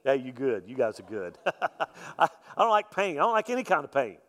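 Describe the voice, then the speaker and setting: A male pastor preaching a sermon in a folksy, joking way, swinging from loud emphasis to soft, quiet lines. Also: medium pitch, big pitch swings, fairly quick. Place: church sanctuary. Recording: long reverb of a church hall.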